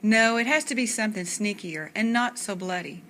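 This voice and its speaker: A woman voicing a bossy, sharp-tongued young girl who talks with sarcastic impatience. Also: mid-range voice, normal speed, slight background noise, natural voice.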